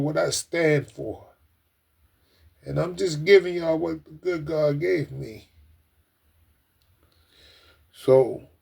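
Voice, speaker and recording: An earnest man with a slightly high voice speaks directly to his livestream viewers in a loose, casual way. He gets emotional, repeats his points over and over, and keeps calling his audience ladies and gentlemen. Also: gravelly. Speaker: livestream host.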